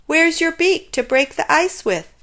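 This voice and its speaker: A woman's voice: very high-pitched, expressive, unhurried, bright, forceful tone, voice pushed up, exaggerated voice. A woman voicing a mocking, boastful male duck in a children's storybook, who quacks and jeers. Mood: gloating. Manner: quacking, jeering laugh.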